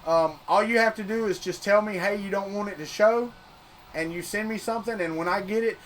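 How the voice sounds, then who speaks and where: A high-voiced man with a Southern US accent, from Florida, talks loosely to his livestream viewers about 3D printing. He rambles and often restarts or repeats words as he works at his printer. A faint hum of room ambience sits behind him. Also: a little fast, a bit bright. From Florida, United States. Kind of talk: casual live-stream chat.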